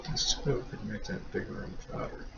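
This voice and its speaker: A man giving rambling, wry, self-mocking commentary over a racing game. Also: fairly quick. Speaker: sim racing video creator. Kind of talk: casual gameplay commentary. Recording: dull lo-fi mic with faint noise.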